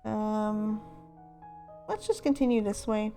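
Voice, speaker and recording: A woman's voice: medium pitch, steady tone, slow pace, warm tone, faint music behind. A woman casually commenting while playing a video game, chatty and self-deprecating. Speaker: let's-play host.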